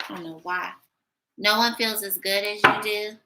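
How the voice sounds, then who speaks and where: A woman giving a casual tarot reading, blunt and sassy, talking her thoughts out loud. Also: medium pitch, fairly even intonation, normal speed, noisy background. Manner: blunt, sassy, thinking aloud. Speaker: tarot reader.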